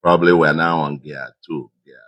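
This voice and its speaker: A middle-aged Nigerian man with a Nigerian accent giving a public address to supporters, measured and repeating phrases for emphasis. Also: rumbling low, steady tone, a bit bright, lo-fi sound. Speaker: governor giving a victory speech.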